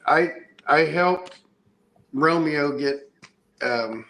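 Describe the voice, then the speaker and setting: A man's voice: on the high side, very slow, fairly bright tone, a little hiss or hum. A middle-aged man hosting a casual podcast chat, rambling with enthusiasm as he shows things off. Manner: rambling, enthusiastic show-and-tell. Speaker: podcast host. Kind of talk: casual chat showing comics.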